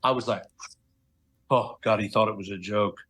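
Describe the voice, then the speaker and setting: A middle-aged man, a guest voice actor, telling stories in a casual interview, animated and acting out the voices of the people he quotes. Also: fairly low pitch, quick pace. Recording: podcast audio.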